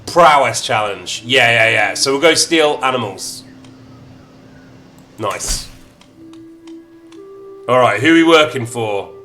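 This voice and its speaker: A man's voice: medium pitch, animated, takes it slowly, long pauses, bright, forceful tone, faint music behind. A man streaming a strategy game, chatting playfully and reading event text aloud in shifting mock accents.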